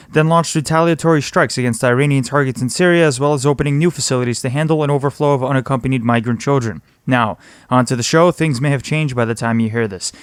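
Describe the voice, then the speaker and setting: A man hosting a news podcast, reading a scripted roundup of the week's local news in a brisk, steady delivery. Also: mid-range voice, smooth, dry recording.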